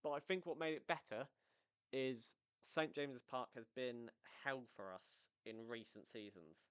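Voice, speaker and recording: A man's voice: medium pitch, a little slow, smooth, no room sound, lo-fi sound. A man hosting a casual football recap, talking energetically and rambling into tangents. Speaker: football podcast host.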